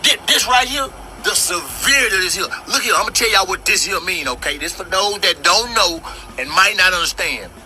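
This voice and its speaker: A person explaining something to viewers in a drawn-out, emphatic way. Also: medium pitch, expressive, bright, forceful tone, faint music behind.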